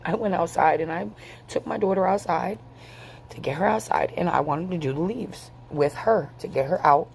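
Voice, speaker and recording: A woman in her forties vents to her camera in a lowish voice, angry and worn out, swearing freely as she talks. A faint hiss of noise sits behind her. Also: normal speed, gravelly, a little mellow. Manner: angry, profane, tired venting. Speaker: vlogger. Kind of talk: venting to camera.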